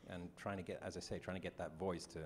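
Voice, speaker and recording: Deep voice guy on a panel, lots of ums and restarts, low hum in the room. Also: level tone. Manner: halting, searching for words. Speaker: actor on a convention panel. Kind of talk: casual panel answer. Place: convention hall.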